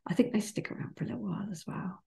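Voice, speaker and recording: A woman in her forties talks through a casual solo podcast episode, rambling and self-deprecating with the odd swear. Her voice sits at a middling pitch with a gravelly, fry-laced texture. She often lets her sentences fall away into soft, whispery asides. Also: very fast. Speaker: podcast host.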